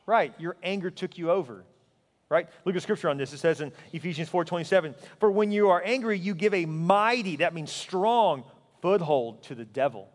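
A pastor preaching a sermon, his voice riding high for a man, earnest and emphatic. He drops at times to a hushed intensity. The sound rings with the long reverb of a big sanctuary. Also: lively intonation, moderate pace.

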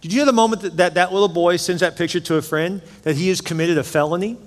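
A middle-aged male pastor preaching in a slightly high voice, emphatic and chatty, slipping jokes in between his points. His voice rings through a large church hall with a long, trailing reverb. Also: quick pace. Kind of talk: sermon. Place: church sanctuary.

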